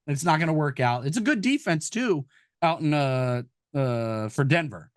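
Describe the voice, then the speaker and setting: A man co-hosting a casual sports betting podcast, joking loudly and swearing freely. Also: fairly high pitch, lively intonation, normal speed, no echo, clean studio sound. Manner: loud, jokey, swears a lot. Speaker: podcast co-host.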